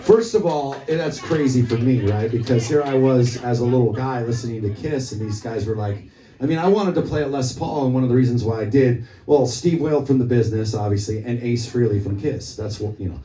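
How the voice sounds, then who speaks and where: A male musician spins a loose, profane story between songs at a small club gig. His voice is dark and mellow and sits back from the mic. The room's echo rings around every word. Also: medium pitch, a little fast. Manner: profane, rambling anecdote told to the crowd. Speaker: musician on stage. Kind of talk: onstage storytelling at a live gig. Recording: echoey club, from a distance.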